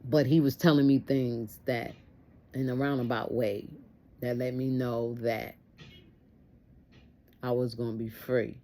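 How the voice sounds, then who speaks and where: A woman's voice: rumbling low, flat delivery, a little slow, pauses often, warm tone. A woman telling a personal testimony story in an earnest way, repeating phrases for emphasis.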